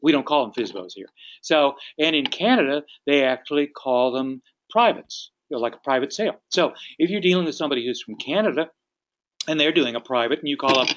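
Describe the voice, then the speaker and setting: A man's voice: medium pitch, animated, brisk, a bit bright, lo-fi sound, slight background noise. A man who leads a sales training session. He explains his points in an instructive way and acts out sample phone calls. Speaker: real estate sales trainer. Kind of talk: training talk.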